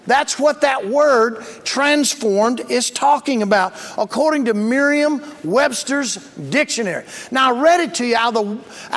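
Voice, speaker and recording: A man with a strikingly high voice preaches to his congregation, emphatic and plain-spoken. He calls out for responses and leans into key words. The sound carries the long reverb of a large church sanctuary. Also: a bit bright. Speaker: pastor. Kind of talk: sermon.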